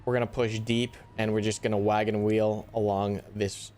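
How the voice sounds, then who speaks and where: A young man giving live commentary on a tactical shooter, animated and easily exasperated, groaning and swearing at setbacks. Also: lowish voice, moderate pace. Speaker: gaming YouTuber.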